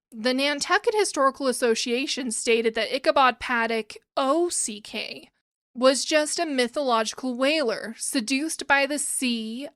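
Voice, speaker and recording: A woman's voice: fairly high pitch, fairly bright tone, no room sound, studio quality. A woman hosting a casual literature podcast, chatty and prone to asides and restarts. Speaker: podcast host. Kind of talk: casual podcast chat about classic literature. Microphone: new microphones.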